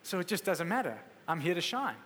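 A man's voice: high-pitched, very animated, a little fast, a bit bright, slight background noise. A man preaching a sermon in a conversational, emphatic way, acting out quotes as he goes. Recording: echoey hall with faint ambience.

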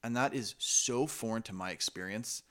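A man with a lowish voice talks animatedly on a podcast. He gets excited as he goes and plays up his jokes. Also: moderate pace. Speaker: podcast co-host. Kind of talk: casual review chat.

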